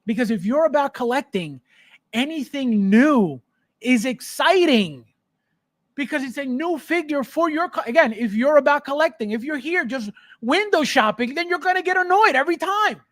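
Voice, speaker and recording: A man's voice: very high-pitched, animated, moderate pace, a bit bright. A man hosting a casual livestream, reading chat and ranting bluntly and emphatically about his hobby. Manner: reads chat aloud, laughs often. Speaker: livestream host.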